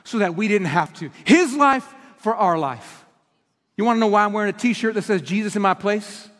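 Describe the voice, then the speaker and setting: A man preaching a sermon as pastor, moving between fervent peaks and hushed, pleading appeals. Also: extremely high pitch, big-room sound. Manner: impassioned preaching, swinging from loud peaks to hushed, intimate appeals. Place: church sanctuary.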